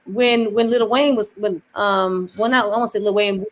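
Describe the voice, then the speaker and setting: A woman's voice: mid-range voice, steady tone, moderate pace. A woman from Buffalo hosting a casual chat, with a mixed Southern and New York accent, rambling loosely with lots of "you know what I mean.". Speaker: host.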